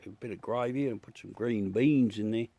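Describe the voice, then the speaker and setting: A man's voice: on the low side, moderate pace, warm tone, no room sound. Easygoing Australian man chatting live. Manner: rambling, easygoing, laughs at his own jokes. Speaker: livestream host chatting with viewers. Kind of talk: casual live chat. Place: at home beside a telescope.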